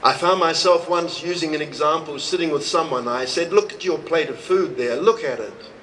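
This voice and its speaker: High-voiced swami guy talking slow at a retreat, little hiss on the recording. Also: low-quality recording. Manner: slow, storytelling, acts out dialogue with expressive rises in pitch. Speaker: swami giving a spiritual talk. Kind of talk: devotional talk to a live audience. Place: retreat hall, recorded live.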